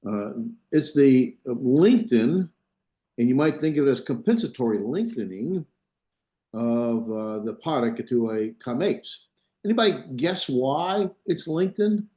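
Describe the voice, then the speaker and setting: A man lecturing on Hebrew grammar to a classroom, his voice mellow and warm. He walks through each point step by step, thinking aloud and pausing to check that students follow. The sound rings a little off the room's walls. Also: medium pitch, animated. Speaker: Biblical Hebrew instructor. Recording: echoey classroom.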